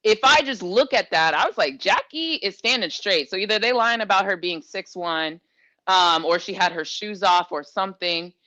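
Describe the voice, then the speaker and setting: A woman's voice: mid-range voice, moderate pace, pushed and bright, no room sound. A woman co-hosting a casual basketball talk show, conversational and teasing, thinking aloud with fillers as she weighs a player. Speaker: podcast co-host. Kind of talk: casual sports chat.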